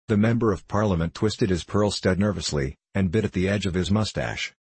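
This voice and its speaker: A man reading a story aloud as narrator, with measured, even storytelling. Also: low-pitched, breathy edge, no room sound. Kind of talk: audiobook narration.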